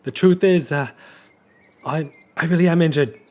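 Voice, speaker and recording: A man's voice: fairly even intonation, a little slow, a little mellow, close to an everyday voice. A man voicing a stammering, panicked tall man. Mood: pleading. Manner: stammering, high and anxious. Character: nervous tall young man caught out.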